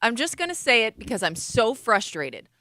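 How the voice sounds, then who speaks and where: Female radio co-host reading listener mail, emphatic and lively, dry booth sound. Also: a little high, moderate pace, no room sound. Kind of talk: reading a listener letter on air.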